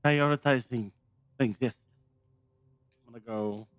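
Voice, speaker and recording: A man's voice: mid-range voice, measured pace, a bit bright, dry recording. A man playing in a tabletop roleplaying game, giggly and rambling, often stopping and restarting his sentences. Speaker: player. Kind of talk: casual tabletop game chat.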